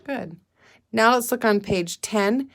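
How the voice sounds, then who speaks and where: A woman teacher leading a guided reading lesson for young children, patient and deliberate, prompting the class to say and spell words. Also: on the high side.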